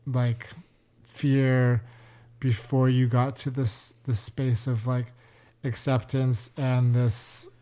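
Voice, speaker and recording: A man's voice: mid-range voice, flat delivery, takes it slowly, hardly any pauses, mellow. A man hosting a podcast, asking long, rambling questions full of fillers. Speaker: podcast host. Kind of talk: interview questions.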